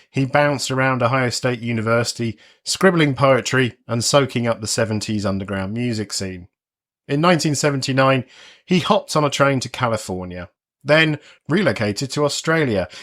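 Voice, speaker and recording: A man's voice: mid-range voice, a bit bright. A man in his forties hosting a music podcast, reading a scripted narration with wry, sardonic asides. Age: 40s. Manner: wry, conversational commentary with a sardonic edge.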